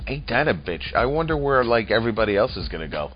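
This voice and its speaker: A man's voice: mid-range voice, very animated, fast talker. A man doing rambling, profane comedic political commentary, crude and mocking as he talks. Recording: dull lo-fi audio with faint music.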